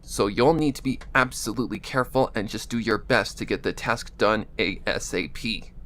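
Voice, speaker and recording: A man's voice: fairly low pitch, normal speed, fairly bright tone, a little hiss or hum, close to an everyday voice. A man voicing a stern, protective female pony mentor, talking through his nose and giving firm warnings. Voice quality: nasal.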